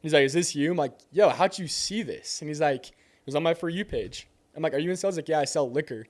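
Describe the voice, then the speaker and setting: A young man with a fairly high voice recounts a door-to-door sales encounter in casual chat. He acts out both sides of the exchange with lively, slangy delivery. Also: very fast. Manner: animated storyteller acting out both sides of a conversation.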